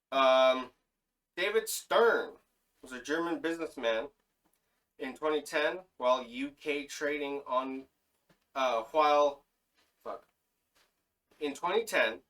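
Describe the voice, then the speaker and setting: A man's voice: mid-range voice, fairly bright tone, recorded from a distance, poor audio. A man co-hosting a casual podcast, reading through a list of names with fillers and self-corrections. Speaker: podcast co-host.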